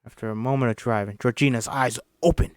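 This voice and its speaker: A man's voice: mid-range voice, fairly even intonation, quick pace, no room sound. Stumbling man reading a script aloud. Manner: stumbling, self-correcting, apologetic. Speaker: script reader.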